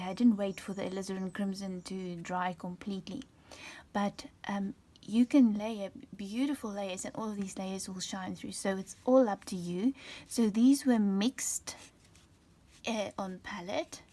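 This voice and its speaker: Chatty, mellow-voiced woman teaching painting. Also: mid-range voice, unhurried. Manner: chatty, drops to a half-whisper while writing. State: out of breath. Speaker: watercolour art teacher. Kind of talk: casual painting tutorial.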